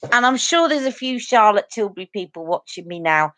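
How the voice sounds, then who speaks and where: A woman hosting a casual beauty live stream, talking straight to her viewers in an earnest, chatty way. Her voice sits at an ordinary middle pitch and is recorded close and dry, with no room sound around it. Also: animated, brisk, fairly bright tone, no echo. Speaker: beauty channel host.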